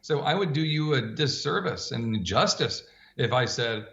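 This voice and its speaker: A man's voice: mid-range voice, moderate pace, gravelly, hardly any pauses, roomy sound, dull audio. A man who coaches strength training for older adults, answering interview questions and acting out dialogue as he tells stories. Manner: animated storyteller, acts out dialogue.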